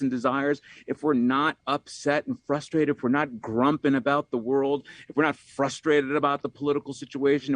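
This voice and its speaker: A man's voice: medium pitch, dry recording. A man, an author from New York, talks as a podcast guest in a reflective, rambling way, often saying "you know" and repeating words.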